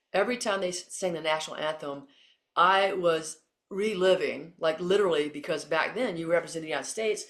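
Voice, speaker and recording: Answering an interviewer's questions, this former Olympian and coach, a middle-aged woman from Texas, tells stories with animation and performs the quotes herself. Her voice sits low.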